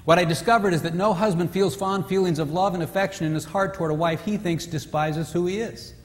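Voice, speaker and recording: High-voiced man telling stories in a hall. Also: brisk. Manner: animated storytelling, acting out characters. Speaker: retreat speaker. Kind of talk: humorous marriage seminar talk. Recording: reverberant hall.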